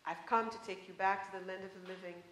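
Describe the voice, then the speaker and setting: A woman voicing a wise old village woman who travels to the land of the dead, speaking in a slow, insistent cadence. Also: mid-range voice, fairly even intonation, a bit bright, roomy sound, slight background noise, close to an everyday voice, low-quality recording.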